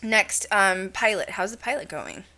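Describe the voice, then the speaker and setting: A woman's voice: mid-range voice, a little slow, a loud crowd. A young adult woman hosting a podcast, telling a story in casual chat full of fillers and laughter. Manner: chatty, animated storytelling with frequent fillers and laughs. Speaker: podcast host.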